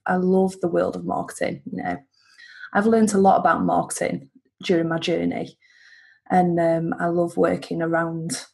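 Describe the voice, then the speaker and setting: A woman's voice: lowish voice, creaky, darkish tone, breathy edge. A woman from the United Kingdom, a life coach being interviewed over a video call, chatty and upbeat. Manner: chatty, upbeat, self-correcting. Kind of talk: casual interview answers.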